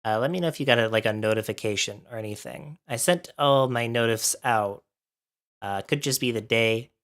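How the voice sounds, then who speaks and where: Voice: mid-range voice, moderate pace, fairly bright tone. A livestreamer chatting casually with viewers while setting up, a bit out of breath from allergies and thinking aloud.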